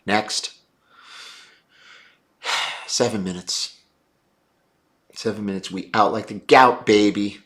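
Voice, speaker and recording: Blunt, brash man with a bright voice. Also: lowish voice, steady tone, slow, pauses often. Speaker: livestream host answering viewer chat. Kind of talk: casual live-stream chat.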